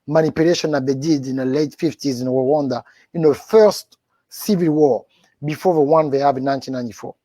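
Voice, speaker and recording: A man's voice: mid-range voice, a little fast, warm tone, dry recording. Emphatic man, dry close sound. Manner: emphatic, repeats words when worked up. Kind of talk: casual chat.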